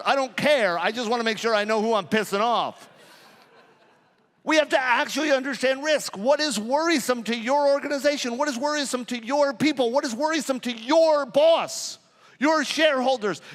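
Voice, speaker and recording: A man speaks at a conference in a fairly high voice that swings up and down a lot, telling stories with jokes and a lot of swearing. The sound carries a long reverb from a large hall. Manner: profane, joking, animated storytelling. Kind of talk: live conference talk.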